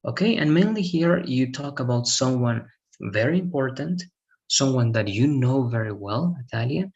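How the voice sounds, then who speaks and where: Gravelly-voiced man teaching English. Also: medium pitch, lo-fi sound. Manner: patient, repetitive, checks understanding with "all right?". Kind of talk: one-on-one online English lesson.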